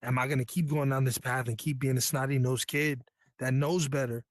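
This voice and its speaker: A man's voice: medium pitch, fairly even intonation, a little fast, no echo. A man from New York, a Navy veteran guest, telling his story in a candid, earnest, slangy way. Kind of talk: casual storytelling.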